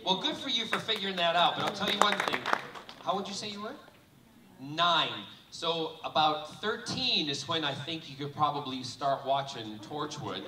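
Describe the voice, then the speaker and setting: A man's voice: sits high, very noisy. A man talking on a live convention panel, teasing and joking with fans in camp banter. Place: large convention hall with audience. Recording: echoey hall, distant, loud crowd.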